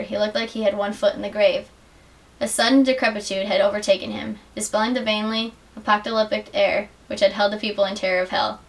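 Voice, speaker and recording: A young adult woman giving an earnest, measured dramatic reading of literary excerpts as a student reader. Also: mid-range voice. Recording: distant mic with faint hiss.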